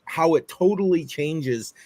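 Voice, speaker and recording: A man's voice: on the high side, unhurried, darkish tone. A man hosting a casual live stream, agreeing readily and reading out chat comments. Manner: affirming, reads out chat comments. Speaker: host.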